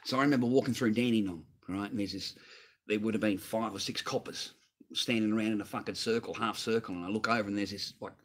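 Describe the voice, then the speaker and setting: A man's voice: fairly low pitch, fairly even intonation, fast talker, breathy edge. An Australian man on a livestream, ranting heatedly and swearing constantly, repeating himself as he answers a viewer. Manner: profane, heated, repetitive. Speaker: livestream host.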